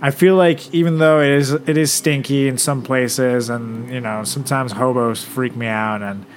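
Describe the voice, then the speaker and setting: A man's voice: mid-range voice, steady tone, normal speed, a little hiss or hum. A young man co-hosting a podcast, joking and laughing often in a profane casual chat. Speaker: podcast co-host, performer.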